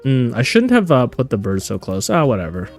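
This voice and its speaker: Animated chatty male game streamer. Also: mid-range voice, brisk, faint music behind. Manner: animated, chatty, answers viewers. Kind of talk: live gameplay stream commentary.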